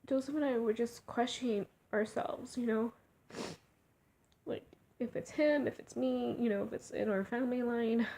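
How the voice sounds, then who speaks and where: A young woman talking in a personal vlog, emotional and halting, often trailing off into near-whispers. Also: a little high, creaky, warm tone. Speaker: vlogger.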